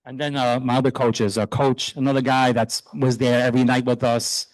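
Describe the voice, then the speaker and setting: A middle-aged man, a youth soccer coach, speaking earnestly and proudly while honoring his players at a town meeting, loose and a little halting. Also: medium pitch, little pitch movement, no room sound, poor audio. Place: township council meeting room.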